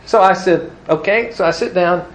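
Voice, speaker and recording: A man's voice: high voice, normal speed, rough recording. A man preaching to a live group, telling stories and acting out the people he quotes with a chuckle. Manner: storytelling, acts out quoted voices, chuckles. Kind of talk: evangelism teaching talk to a live group.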